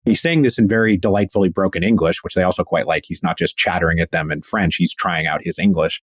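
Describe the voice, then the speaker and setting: A man's voice: sits low, quick pace, slightly rough, no echo. A man guest historian telling a story in a casual, enthusiastic, slangy way, acting out quotes.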